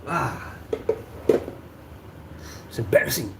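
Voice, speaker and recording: A man with an Indonesian accent, a native Sundanese speaker, hosting a casual livestream chat, relaxed and chuckling, with many fillers. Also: medium pitch, takes it slowly, gravelly, very noisy. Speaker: host.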